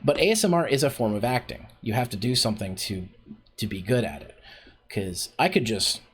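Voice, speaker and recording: A man teaching voice acting on a livestream, his pitch rising and falling a lot as he rambles through the basics. He talks into a desk mic with fillers and restarts, and a faint hum sits behind him. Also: lively intonation, a little fast. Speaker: voice acting workshop host. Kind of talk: casual teaching on stream. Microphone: desk streaming mic.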